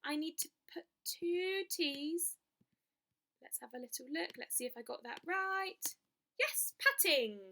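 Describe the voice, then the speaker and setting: A young woman teaching children a spelling lesson, chanting the rules slowly and with emphasis. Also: sits high, bright, forceful tone. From England. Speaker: primary school teacher.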